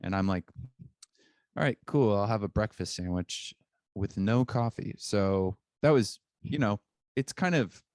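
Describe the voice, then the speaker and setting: Podcast co-host, deep dry-voiced man, rambling deadpan storyteller, remote-call sound. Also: unhurried, smooth, dry recording. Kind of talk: casual chat.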